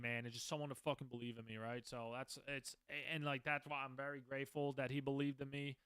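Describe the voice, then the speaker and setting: A man's voice: medium pitch, bright, forceful tone, clean tone, no echo. A man in his twenties, a podcast host, telling his own stories in a loose, rambling way, swearing often and restarting his sentences. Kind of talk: casual storytelling monologue.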